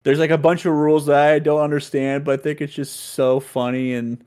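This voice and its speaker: A man chatting as a guest on a casual podcast. He rambles from thought to thought with constant fillers and quick giggles. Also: on the high side, level tone, darkish tone, clear, resonant tone.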